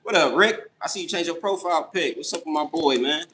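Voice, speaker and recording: Young guy on a late night stream, kinda high voice, cussing and reacting to chat, faint hiss behind. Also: brisk, rough recording. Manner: animated, incredulous, swears freely. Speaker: livestream host. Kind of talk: casual late-night livestream, reading and answering chat.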